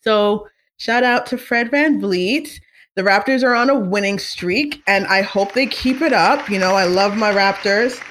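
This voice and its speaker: A woman's voice: mid-range voice, measured pace. Chatty opinionated woman hosting a show. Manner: chatty, animated and opinionated, many fillers and asides. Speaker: podcast host. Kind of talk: casual chat.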